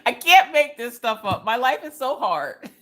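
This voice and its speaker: A woman hosting a casual crafting livestream, telling stories in an animated, slangy way and talking straight to her chat. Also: fairly high pitch, normal speed, slight background noise. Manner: animated storytelling, quotes people in different voices. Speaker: livestream host.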